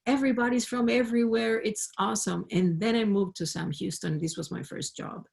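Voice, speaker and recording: A woman's voice: medium pitch, steady tone, brisk, gravelly, a little mellow. A woman professor with a Spanish accent, a native Spanish speaker, telling stories earnestly on a panel over a video call and repeating words as she starts sentences. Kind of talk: panel discussion.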